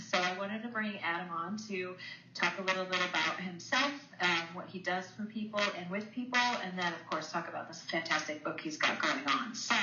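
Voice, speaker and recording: A woman interviewing a guest on a radio show, introducing him with enthusiasm. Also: lowish voice. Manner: enthusiastic, warm. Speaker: co-host and interviewer. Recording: echoey, muffled, noisy line.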